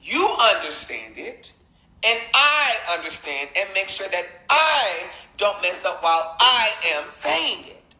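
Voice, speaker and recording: A man talking on a phone live stream in a casual monologue, earnest and halting, repeating his points deliberately. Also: high-pitched, big pitch swings, bright, forceful tone. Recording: roomy echo.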